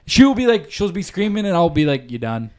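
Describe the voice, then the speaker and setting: A man's voice: sits high, lively intonation, quick pace, a little mellow. Young man telling a rambling story. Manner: rambling, swears often, acts out quotes. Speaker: podcast co-host. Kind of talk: casual chat, storytelling.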